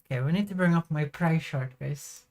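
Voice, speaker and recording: A woman streamer with a low, darkish voice talks at normal speed while she plays a farming game. Her livestream chat is casual and rambling, with the occasional outburst of frustration.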